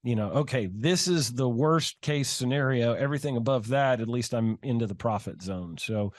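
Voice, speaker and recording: A middle-aged man, a home builder and interview guest, answering in a relaxed, rambling way with many fillers. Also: medium pitch, normal speed, dry recording, clean studio sound.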